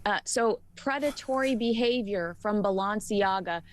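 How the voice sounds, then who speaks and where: A woman's voice: medium pitch, measured pace. A woman from Texas with a Texas accent, commenting as a guest with emphatic, indignant rhetorical questions. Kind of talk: opinionated commentary.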